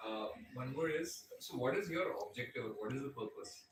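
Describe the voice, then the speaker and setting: Quiet hesitant man asking far from the mic. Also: mid-range voice, expressive, normal speed. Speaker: first-time attendee asking a question. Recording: echoey room, distant mic, noisy.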